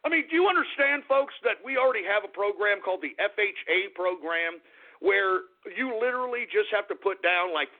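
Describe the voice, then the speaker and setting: A man's voice: sits high, animated, fairly quick. A man hosting a political commentary show, reading items aloud and ranting about them with exasperated, sarcastic asides. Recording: tinny phone-like line.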